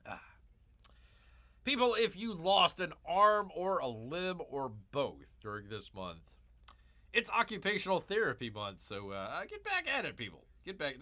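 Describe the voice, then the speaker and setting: Animated, bright-voiced joking male streamer. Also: a little high, unhurried. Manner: joking, calls himself Bear in third person; rambling, repeats lines and drifts into asides. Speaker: livestream host. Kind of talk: casual livestream commentary.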